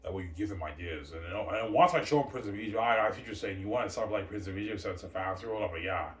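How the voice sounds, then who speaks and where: A man's voice: fairly low pitch, racing. A man talking in a boastful, rambling monologue, peppered with "man" and "yeah". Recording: roomy distant mic with faint ambience.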